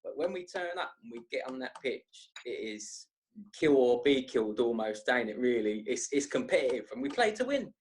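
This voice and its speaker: A young man, telling rambling, animated stories in a casual podcast chat. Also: medium pitch, normal speed. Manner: rambling, animated, slangy storyteller. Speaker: podcast guest.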